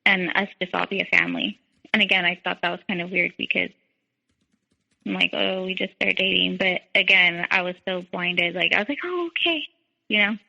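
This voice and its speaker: A woman's voice: lowish voice, flat delivery, a little fast, gravelly, bright, forceful tone, big-room sound. A young woman telling her own story as a podcast guest, quoting others in dialogue and saying "like" often. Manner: frequent "like", quotes others in dialogue. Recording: dull lo-fi sound.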